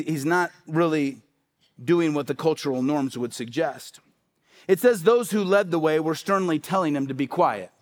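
A male pastor with a high voice preaches a sermon. He talks in a conversational way and keeps asking rhetorical questions.

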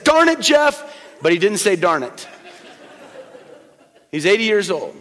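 A middle-aged man with a fairly high voice delivers a sermon from the pulpit. He tells personal stories, sinking to quiet, slow lines before pushing up to loud emphasis. His voice trails off in the long reverb of a church hall. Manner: storytelling, swings from soft and slow to loud and emphatic. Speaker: pastor.

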